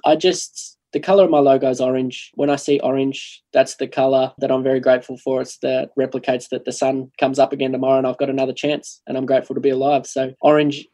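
A man speaking as a podcast guest, earnest and a little halting, often restarting his words. His voice sits at an ordinary middle pitch. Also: level tone, warm tone. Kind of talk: casual interview chat.

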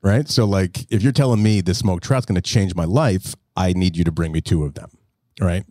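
A man hosting a casual podcast, telling relaxed, swearing anecdotes. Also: deep voice, normal speed, no echo, studio quality. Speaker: podcast host.

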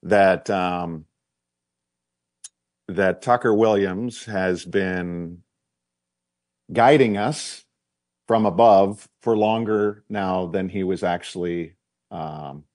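A man with a lowish voice hosting a sports talk show, speaking at a measured, reflective pace. The sound is dry and close. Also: darkish tone, dry recording. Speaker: co-host. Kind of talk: casual sports chat.

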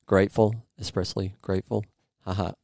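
A man's voice: sits low, flat delivery, a little fast, creaky, darkish tone, no echo. A man hosting a casual podcast, joking around and rambling a bit as he searches for his words. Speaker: podcast host. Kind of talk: casual podcast chat and interview.

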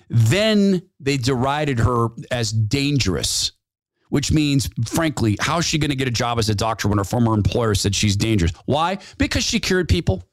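A man's voice: medium pitch, dry recording. A man hosting a talk radio show, delivering a sarcastic, mocking opinion monologue and laughing at his own jabs.

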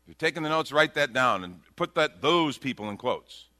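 Man preaching a sermon, bright and animated. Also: mid-range voice, a little fast, no echo. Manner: conversational preaching, self-mocking humor, swings between hushed and loud. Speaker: pastor.

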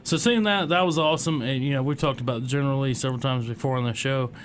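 A man's voice: medium pitch, fast, a little hiss or hum. A man co-hosting a radio show, chatting about cars in an easygoing way. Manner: easygoing, laughs along. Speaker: co-host. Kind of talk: casual radio show chat.

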